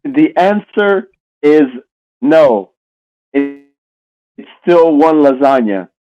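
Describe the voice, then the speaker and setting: A man's voice: fairly high pitch, very animated, takes it slowly, dark tone, muffled recording. A man co-hosting a casual podcast, teasing and joking crudely with his partner. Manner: teasing, crude jokes, playful. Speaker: podcast co-host.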